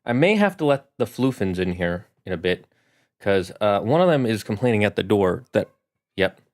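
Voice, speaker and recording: A man's voice: on the low side, big pitch swings, normal speed. A man, a game master, chatting casually on his live stream from his home room, with showy greetings and chatty asides.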